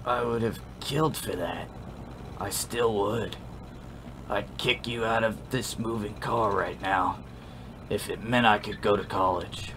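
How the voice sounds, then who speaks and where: A man's voice: on the low side, a little slow, noisy background, lightly acted. A man voicing a resentful young female crocodile in a video game, speaking with cutting scorn. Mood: scornful.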